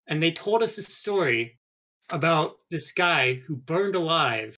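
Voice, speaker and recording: A man as a podcast guest, telling rambling anecdotes in a relaxed, casual way. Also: on the high side, a little slow. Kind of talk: casual storytelling.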